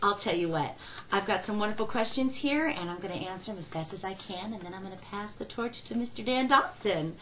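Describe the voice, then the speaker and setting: A middle-aged woman auctioneer answering fan questions in a fast, folksy and excitable way. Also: medium pitch, slight background noise, rough recording.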